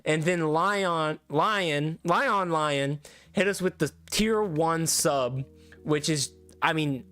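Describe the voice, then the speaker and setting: A young man signs off a livestream from his room, his voice sitting somewhat high for a man. He thanks his viewers one after another with effusive gratitude, rambling and restarting as he goes. Faint music plays under his chat. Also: slow pace, pushed and bright, dry recording. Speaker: streamer. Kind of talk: casual livestream sign-off chat.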